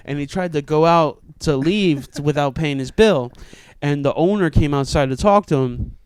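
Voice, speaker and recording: Fast-talking young man telling a story. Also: on the high side, clean tone, no echo. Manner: animated, acts out shouted quotes. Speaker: comedian and show organizer. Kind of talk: casual storytelling.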